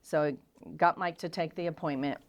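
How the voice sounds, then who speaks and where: Middle-aged lady guest telling blunt stories about herself, lower voice. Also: fairly quick. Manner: frank, animated, self-deprecating storyteller. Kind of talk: candid storytelling interview.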